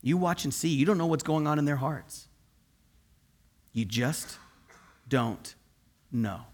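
A man voicing God inside a sermon in a hushed, low, deliberate way. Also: expressive. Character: God speaking, calm, hushed, knowing.

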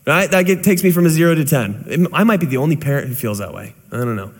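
A young man preaching a sermon as a pastor, telling stories with lively acted-out voices and sound effects. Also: on the high side, fast talker, big-room sound. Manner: animated storyteller, acts out voices and sounds.

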